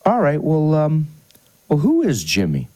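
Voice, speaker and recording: A man's voice: a little high, wildly swooping pitch, a little slow, dark tone, no echo, pitched above the performer's own voice, full character voice. A man voicing a patient, kindly old grandfather in a retold ad. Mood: gentle. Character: kind old grandfather, gently wise.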